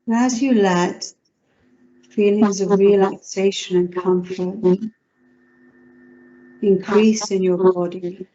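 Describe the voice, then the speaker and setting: A woman psychotherapist leading a guided relaxation exercise over a video call, giving slow, soothing instructions. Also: mid-range voice, steady tone, warm tone, muffled recording, a little hiss or hum.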